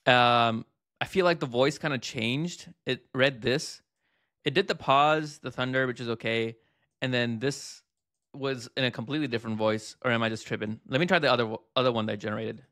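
A man hosting a casual hands-on review, chatting and thinking aloud with fillers and quick asides. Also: mid-range voice, fairly bright tone. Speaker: host reviewing text-to-speech tools.

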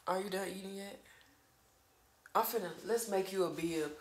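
A woman's voice: medium pitch, moderate pace, slight background noise. A woman hosting a casual mukbang at home with her child, talking to the camera in a playful, teasing way. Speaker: mukbang host and mother. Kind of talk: casual chat to camera while eating. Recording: echoey room.

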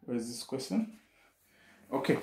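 A man's voice: medium pitch, animated, normal speed, creaky, a little mellow, echoey room, rough recording. A man teaching a maths lesson, explaining step by step, often restarting and repeating key phrases.

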